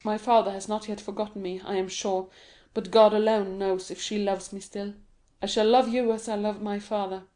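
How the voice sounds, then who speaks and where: A desperate young male prisoner pleads with quiet, earnest urgency, read by a woman. The voice sits at a middle pitch with a dark, mellow tone. It is a storybook reading with no showy character work. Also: level tone, normal speed, hardly any pauses, natural voice. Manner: earnest, imploring.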